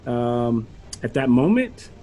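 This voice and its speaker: A man's voice: medium pitch, big pitch swings, slow, dark tone. A man narrating a tabletop game as game master, rambling along with lots of fillers.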